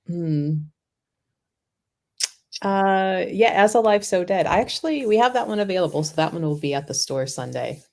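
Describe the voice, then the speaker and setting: Woman co-host, low-ish voice. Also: lively intonation, normal speed, creaky, darkish tone. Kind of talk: casual chat.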